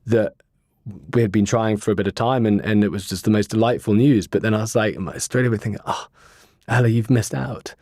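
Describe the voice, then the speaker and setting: A man with a fairly low voice talks through a personal story as a podcast guest. He rambles earnestly, filling gaps with ums and restarts. The sound is dry and close. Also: fairly even intonation, darkish tone, dry recording. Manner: earnest, rambling, with many pauses and fillers. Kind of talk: casual interview storytelling.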